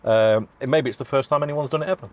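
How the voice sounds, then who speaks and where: A man's voice: medium pitch, quick pace. Jokey man chatting in his van. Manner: jokey, chatty, self-deprecating. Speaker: food and travel vlogger. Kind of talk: casual chat to camera. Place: inside his parked van.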